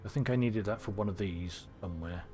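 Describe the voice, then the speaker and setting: A man's voice: on the low side, a little fast, music in the background. A man from Cornwall with a neutral English accent, rambling and thinking aloud through casual gameplay commentary. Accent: neutral southern English. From Cornwall, England. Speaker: streamer.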